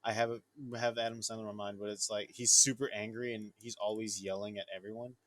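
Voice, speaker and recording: A man hosting a casual podcast chat with friends, laid-back and quick to laugh. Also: lowish voice, level tone, fairly bright tone. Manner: laid-back, laughs often, retells scenes. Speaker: podcast host.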